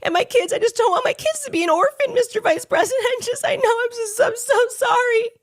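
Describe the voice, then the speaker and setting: A woman's voice: extremely high pitch, a little fast, voice pushed up. A woman putting on a whiny, tearful voice to mock a woman faking distress.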